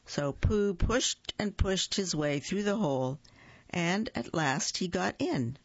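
A woman reading a children's story aloud on a radio reading program, gentle and unhurried, singing the little hums. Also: low-pitched, lively intonation, breathy edge, no echo, lo-fi sound.

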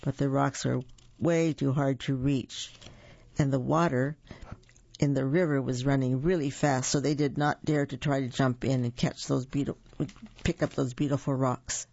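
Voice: mid-range voice, fairly even intonation, normal speed, gravelly, a little mellow, no room sound. A storyteller reading a picture book aloud with chatty asides to young listeners, in a dull, dry lo-fi recording.

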